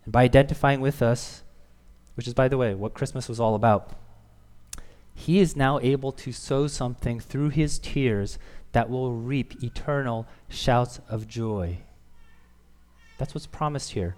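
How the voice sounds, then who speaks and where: A man delivers a sermon in a church sanctuary, his earnest preaching swelling to emphatic peaks before falling quiet. His middle-pitched voice carries a long hall reverb. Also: unhurried. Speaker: pastor.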